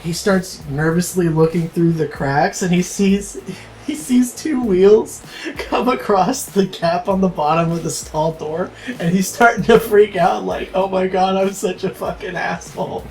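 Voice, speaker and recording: A woman's voice: on the low side, unhurried, darkish tone, poor audio. A woman co-hosting a casual comedic podcast, swearing freely and laughing often. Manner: crude, laughs a lot. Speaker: podcast co-host.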